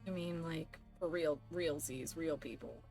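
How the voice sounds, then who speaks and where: A young woman streaming a game live, chatty and animated with sudden squeals. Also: low-pitched, unhurried, faint music behind. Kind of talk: live gameplay commentary.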